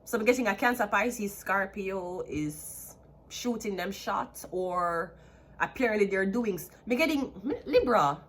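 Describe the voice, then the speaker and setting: A woman with a Jamaican accent giving a chatty tarot card reading, excitable and repeating herself. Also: mid-range voice, measured pace. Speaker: tarot reader. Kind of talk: casual tarot reading to camera.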